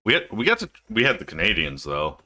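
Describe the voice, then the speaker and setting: A man co-hosts a casual podcast, trading stories in a relaxed way. His voice sits on the low side but rises and falls a lot. The tone is bright and sharp. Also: fast talker. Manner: relaxed, chiming in, recalling stories. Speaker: podcast co-host. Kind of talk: casual chat.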